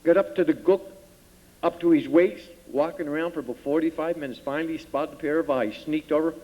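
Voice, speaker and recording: A man with a Cape Breton accent emcees a pageant on a large theater stage, reeling off folksy jokes at a rapid clip. His voice sits a little high. The recording is dull and washed in long hall reverb. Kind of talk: joke telling on stage.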